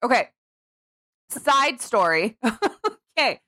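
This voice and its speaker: A female podcast co-host telling a story in a casual, animated way, with laughter breaking in often. Her voice is fairly high and sits dry and close. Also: takes it slowly, no echo. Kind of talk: casual comedic chat.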